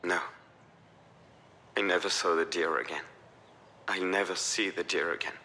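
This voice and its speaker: A man's voice: sits low, fairly even intonation, normal speed, sharp tone, slight background noise. An actor playing a troubled middle-aged father in a visual novel, speaking in a subdued, confessional way. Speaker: game character.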